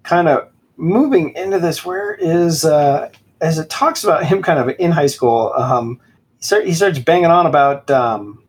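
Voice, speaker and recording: Sarcastic husky-voiced man. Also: fairly high pitch, unhurried. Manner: sarcastic, reads passages aloud with mock dramatic voices. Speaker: podcast co-host. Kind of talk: casual mocking book review chat.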